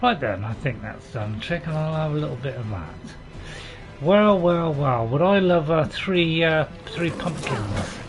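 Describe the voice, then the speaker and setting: A man's voice: on the high side, lively intonation, measured pace, music in the background. A man hosting a gaming channel, giving chatty, self-deprecating commentary with dry jokes and a lot of hesitation. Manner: hesitant, with many fillers and restarts. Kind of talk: gameplay commentary.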